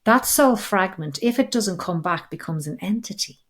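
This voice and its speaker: A woman's voice: mid-range voice, moderate pace. A middle-aged woman hosting a podcast, telling stories earnestly and acting out the dialogue as she goes. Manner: earnest, animated storytelling, acts out dialogue. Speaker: podcast host, regression practitioner. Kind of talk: conversational interview.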